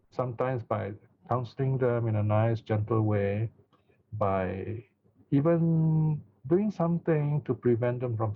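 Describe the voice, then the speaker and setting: A man's voice: mid-range voice, muffled recording. A man leading an online Buddhist sutta class, explaining in a conversational way with frequent fillers and restarts. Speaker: Buddhist teacher. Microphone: video call.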